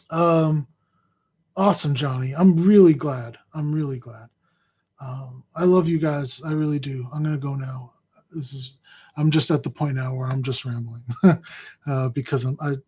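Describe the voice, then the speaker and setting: A husky-voiced man speaks in a loose, unscripted way, stopping and restarting his sentences. He sounds emotional and close to tears, and there is strain from physical pain in his voice. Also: on the high side, a little mellow. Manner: rambling, halting, repeats words. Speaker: fantasy sports analyst. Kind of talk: heartfelt casual address to viewers.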